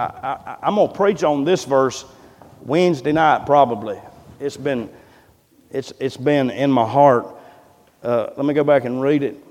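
A man's voice: mid-range voice, darkish tone. A man preaching a sermon, impassioned and folksy, often repeating words as he builds up. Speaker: pastor. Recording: long reverb of a large hall.

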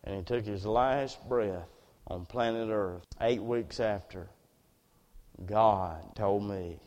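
A man preaching a sermon as personal testimony, earnest storytelling that drops to near hushes and rises again. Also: fairly low pitch, slow, long reverb tail.

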